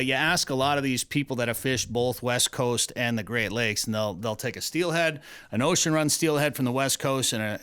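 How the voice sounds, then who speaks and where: A man's voice: medium pitch, a bit bright, clear, resonant tone, dry recording. A man hosting a radio show, chatting casually and running a trivia segment in a loose storytelling way.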